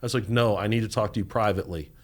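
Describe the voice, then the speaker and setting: A man's voice: on the low side, racing. A middle-aged man, a podcast guest, telling stories animatedly and acting out the voices of people he quotes. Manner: animated storyteller, acts out quoted voices, laughs often. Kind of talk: storytelling interview.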